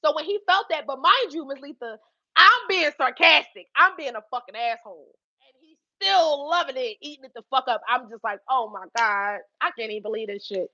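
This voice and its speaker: Brief: young woman, high bright voice, casual storytelling, dry slightly dull sound. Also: brisk, no room sound. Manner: animated, profane, laughs often, acts out quotes. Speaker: livestream host telling a story.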